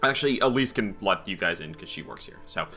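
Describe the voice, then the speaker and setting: A man narrating as game master of a tabletop game, relaxed and rambling, with many fillers. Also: sits low, fast talker, faint music behind.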